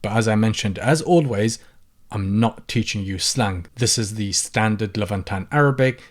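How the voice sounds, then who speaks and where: Patient, lower-voiced male language teacher. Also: a little mellow. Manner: patient, repeats example phrases several times. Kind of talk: language lesson. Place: lives in the UK.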